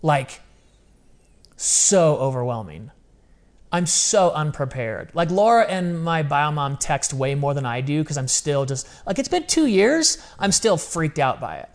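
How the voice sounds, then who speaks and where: A man in his thirties, a guest telling a personal story in casual chat, animated and full of slang. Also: on the high side, a little slow. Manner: animated, casual slang, acts out quoted voices.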